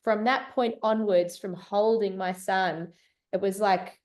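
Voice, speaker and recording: A mother speaking earnestly and emotionally in a reflective conversation, often pausing to search for words. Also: mid-range voice, steady tone, a little mellow. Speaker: mother sharing her birth story.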